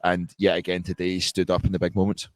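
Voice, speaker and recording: A man co-hosting a podcast, giving a measured, analytical post-match football reaction with frequent restarts. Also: sits low, completely flat delivery. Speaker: podcast co-host.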